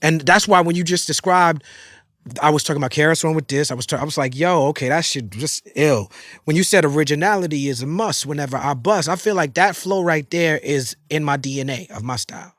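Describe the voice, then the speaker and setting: A middle-aged man hosting an interview, talking fast and enthusiastically in slangy casual speech with many restarts. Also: fairly high pitch, a bit bright, no room sound, clean studio sound. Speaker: podcast host.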